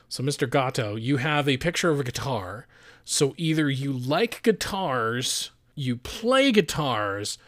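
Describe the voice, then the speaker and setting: A man's voice: medium pitch, no echo, studio quality. Joking young man hosting a podcast. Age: young adult. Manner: joking, crude, laughs while reading listener messages. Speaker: podcast host. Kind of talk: casual chat.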